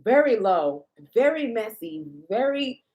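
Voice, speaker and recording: A woman who vents to her viewers in a casual, indignant monologue. Her delivery is blunt and profane, and she takes her time, drawing out her words at an unhurried pace. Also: a little high, very animated, darkish tone, a little hiss or hum. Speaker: shop owner and vlogger.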